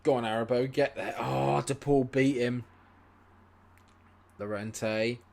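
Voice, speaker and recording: A man streaming a football management game, muttering, then shouting and swearing at the match. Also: medium pitch, fairly even intonation, takes it slowly, gravelly. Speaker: gaming streamer. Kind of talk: live gameplay commentary.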